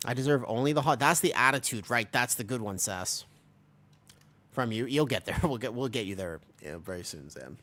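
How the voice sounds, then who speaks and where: A young man from America chats loosely with his stream while he plays. His mid-pitched voice rises and falls a lot as he jokes and rambles in reply to viewers. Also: expressive, moderate pace, fairly bright tone. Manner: rambling and joking, answers chat. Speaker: livestreamer. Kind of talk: casual livestream chat while gaming.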